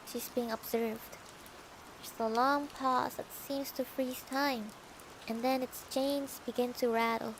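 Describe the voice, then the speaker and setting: Young woman streamer reading a novel out loud, high voice, slow and playful. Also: steady tone, slight background noise, poor audio. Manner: playful, comments and giggles between passages. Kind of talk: casual storybook reading with asides.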